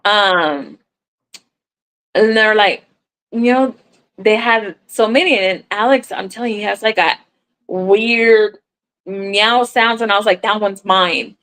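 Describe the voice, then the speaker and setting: A woman talks on a crochet livestream and tells a story in a casual, chatty way. She acts out the voices of the people in the story and swears now and then. Her voice sits at a middle pitch. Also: takes it slowly, pauses often, a bit bright, clean tone, rough recording. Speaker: crochet content creator on a livestream.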